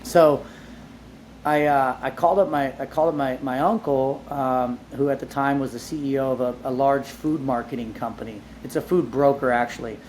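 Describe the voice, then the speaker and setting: A man being interviewed, telling his life story in a casual, animated way, with lots of "like" fillers and casual swearing. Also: mid-range voice, moderate pace, slight background noise. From Southern California. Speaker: entrepreneur guest.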